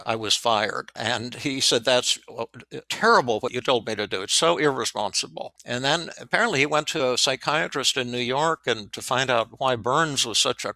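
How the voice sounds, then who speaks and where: An older man, a psychiatrist, tells a story from his practice in an interview, animated and with frequent restarts and repeated words. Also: mid-range voice, no echo. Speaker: psychiatrist guest.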